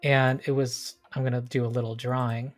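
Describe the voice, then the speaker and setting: A relaxed game master sets the scene for a tabletop game over a video call and laughs easily. The pitch is middling, with faint music under the voice. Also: normal speed.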